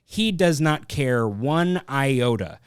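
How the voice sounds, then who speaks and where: A man's voice: mid-range voice, lively intonation, takes it slowly, clear, resonant tone, dry recording, clean studio sound. A man hosting a casual film review podcast, rambling and thinking aloud as he tells a story. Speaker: podcast host.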